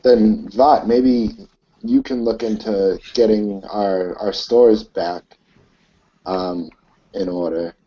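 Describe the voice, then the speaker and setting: Slow, hesitant man role-playing. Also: lowish voice, warm tone. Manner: hesitant, halting with many fillers. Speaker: player. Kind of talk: in-character tabletop role-play. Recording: dull lo-fi recording.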